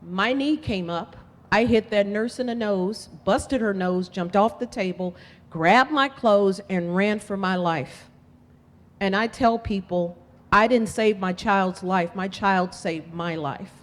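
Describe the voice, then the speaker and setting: A woman's voice: medium pitch, slow. Impassioned woman speaking in an echoing hall. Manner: impassioned, emphatic storytelling. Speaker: political candidate. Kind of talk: campaign speech. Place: event hall. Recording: long hall reverb.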